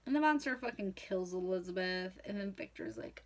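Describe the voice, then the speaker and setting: A woman's voice: medium pitch, animated, moderate pace, few pauses. A drunk young woman retelling a classic novel in a rambling, profane, casual way. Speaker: comedic host retelling a novel. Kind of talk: tipsy casual storytelling.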